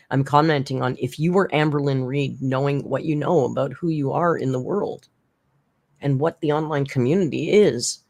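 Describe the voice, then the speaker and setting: Blunt and rambling, this channel host delivers casual commentary, frequently restarting, tossing in side remarks, and jumping up in pitch sarcastically to make a point.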